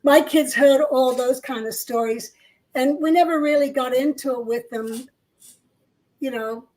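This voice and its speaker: A woman's voice: sits high, unhurried, a little mellow, poor audio. An older woman co-hosting a casual discussion, telling stories in an earnest way. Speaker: co-host. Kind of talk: casual chat.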